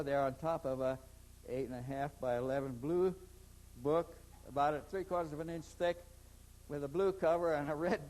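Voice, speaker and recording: The same kind of rambling interview story comes from a man whose voice is a little high, captured on a low-quality recording. While telling his anecdote about past experiences, he often repeats the words that open his sentences.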